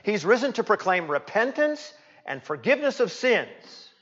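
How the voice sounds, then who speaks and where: A male pastor preaching a sermon in a church, emphatic, repeating key words and swinging from loud to hushed. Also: high-pitched, sing-song, normal speed. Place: church sanctuary. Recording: reverberant, dull lo-fi church recording.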